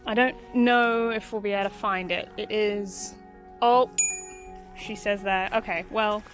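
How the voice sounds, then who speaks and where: A woman cryptid-hunting vlogger explores an overgrown cemetery in the rain, out of breath as she walks and talking straight to viewers in a chatty, exclamatory way. Her mid-range voice is fairly even and measured; the low-quality recording has faint music behind.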